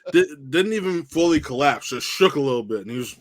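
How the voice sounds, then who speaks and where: A man's voice: a little high, lively intonation, a little fast, dry recording. A man in casual review chat, chiming in with corrections and asides. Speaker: TV episode reviewer.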